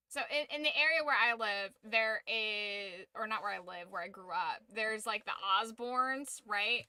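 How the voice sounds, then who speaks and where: A woman chats casually on a game stream, rambling through jokes and strong opinions. Her voice is very bright and crisp, a touch higher than most. The sound is dry and close, with almost no room echo. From United States. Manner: rambling, joking and opinionated, quick asides. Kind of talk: casual chat while gaming on stream.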